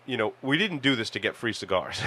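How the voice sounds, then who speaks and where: A man co-hosting a podcast, chatting casually in a relaxed, rambling way with fillers. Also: on the low side, a little fast, husky. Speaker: podcast co-host. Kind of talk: casual chat.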